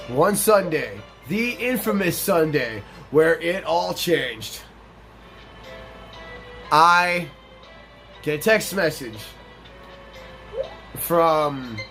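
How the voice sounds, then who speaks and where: A young man with a somewhat high voice talks over a game, swearing freely and circling back on himself as he tells a long story. Faint game music plays behind him. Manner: profane, rambling, emphatic storytelling. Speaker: let's play host. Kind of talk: casual storytelling over gameplay.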